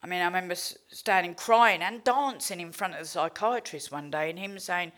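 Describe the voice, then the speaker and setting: English woman telling her recovery story, swears a lot, very candid and lively. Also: lowish voice, fairly quick, hardly any pauses. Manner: blunt, candid, swears freely; heartfelt, animated storytelling. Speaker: recovery speaker. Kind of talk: personal recovery testimony.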